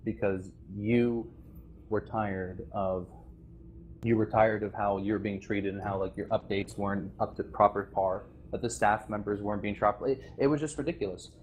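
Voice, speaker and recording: A man's voice: lowish voice, fairly even intonation, moderate pace, slight background noise. Aggrieved rambling man on voice chat. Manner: rambling and aggrieved, with restarts and nervous laughs. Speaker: former game server staff member addressing players. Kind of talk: impassioned voice-chat speech. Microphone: voice chat microphone.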